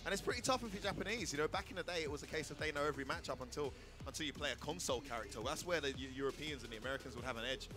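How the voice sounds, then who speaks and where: A man's voice: fairly high pitch, racing, hardly any pauses, music in the background. A man doing casual live esports commentary, full of cheeky, joking banter with his co-caster.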